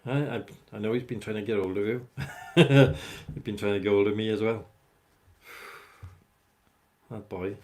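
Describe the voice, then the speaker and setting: A man's voice: fairly low pitch, steady tone, unhurried, long pauses, darkish tone, a little hiss or hum. A man hosting a casual livestream, rambling as he chats with viewers by name. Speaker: livestream host chatting with viewers. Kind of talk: casual live chat.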